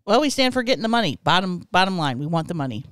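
Smug deadpan male exec, played by a woman in a comedy bit, mock-stern, dry close voice. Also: on the low side, very fast, clean tone, no echo. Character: smug male boss posing as a customer. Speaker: podcast co-host. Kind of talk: improvised comedy sketch.

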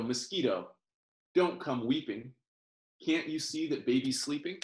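A man reading a children's picture book aloud in a gentle sing-song, pausing to explain words over a video call. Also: medium pitch, animated. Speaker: professor reading picture books to families. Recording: roomy echo.

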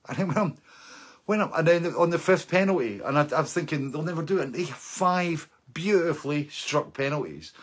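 Husky Scottish man telling a rambling story. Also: mid-range voice. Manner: rambling, animated, laughs often. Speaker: livestream host. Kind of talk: casual storytelling chat.

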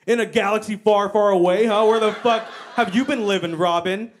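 A woman putting on the voice of an incredulous loudmouth who yells at someone for never seeing a film. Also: mid-range voice, steady tone, brisk, slight background noise, voice pushed up, lightly acted. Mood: outraged. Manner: yelling, mocking, aggressive. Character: incredulous loudmouth man, outraged movie fan.

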